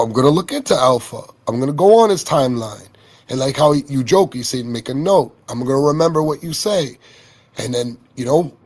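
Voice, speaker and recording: A man's voice: medium pitch, a little mellow. A man talking in an online audio chat room, rambling with repeated words and swearing. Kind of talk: casual heated chat.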